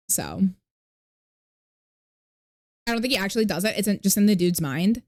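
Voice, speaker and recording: A woman's voice: mid-range voice, sing-song, fairly quick, pauses often. Rambling casual woman streamer. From not New York. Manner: rambling, filler-heavy, swears, thanks followers. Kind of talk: casual live-stream chat.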